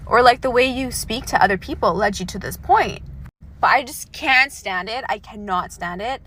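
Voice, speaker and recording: A woman's voice: on the high side, normal speed, a bit bright, a little hiss or hum. A woman ranting bluntly and with exasperation in a casual talk to camera.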